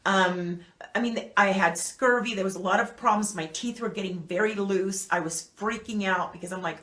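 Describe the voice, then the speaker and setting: A woman's voice: medium pitch, measured pace, a bit bright. A woman hosting her own channel, talking casually and rambling with lots of fillers. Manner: chatty and rambling, with many fillers. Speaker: channel host. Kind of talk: casual talk to camera. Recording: echoey room.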